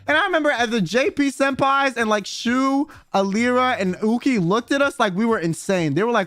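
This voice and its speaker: A young man streaming, telling a funny story in casual chat, excitable and swearing a lot as he acts out what people said. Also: very high voice, no echo, soft background music. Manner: excitable, swears a lot, quick quoted voices.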